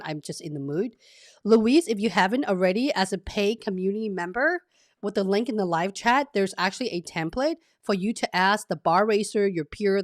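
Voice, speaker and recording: A woman's voice: medium pitch, no room sound, studio quality. A woman hosting a live career-coaching stream, chatting casually, reading viewers' messages aloud and often checking in with "okay?". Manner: chatty and upbeat, with frequent "okay?" check-ins.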